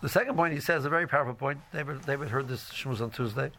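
A man's voice: medium pitch, quick pace, bright, forceful tone, a little hiss or hum. A middle-aged man teaching a casual Torah class, rambling with many fillers and restarts and mixing in Hebrew phrases. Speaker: yeshiva teacher.

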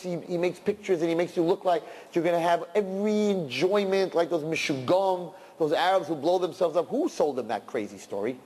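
A man preaching a sermon and telling a story, animated and breaking into loud outbursts. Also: fairly high pitch, big-room sound.

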